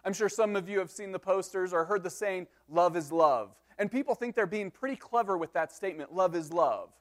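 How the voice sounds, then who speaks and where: Guy with a pretty high voice giving a laid-back sermon, teaching a psalm point by point, cracks little jokes. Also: fairly quick. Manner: teaching verse by verse, joking asides. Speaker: pastor.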